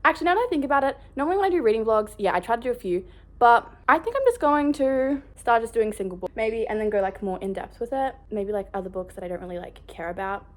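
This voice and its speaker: A woman vlogging in a casual, rambling way, bubbly and excitable. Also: fairly high pitch, fast talker. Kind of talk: casual chat.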